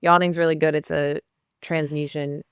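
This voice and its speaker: A woman coach calmly guiding a tapping exercise with encouraging instructions. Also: deep voice, normal speed, clean tone, no room sound. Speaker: subconscious transformation coach.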